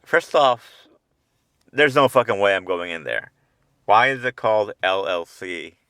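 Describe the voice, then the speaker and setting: A man's voice: lowish voice, animated, measured pace, a bit bright, clear, resonant tone, no echo, studio quality. A man hosting a podcast, telling a meandering, profane comic monologue with chuckling asides, taped on a handheld recorder in a parked car at night. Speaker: podcast host. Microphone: handheld portable recorder.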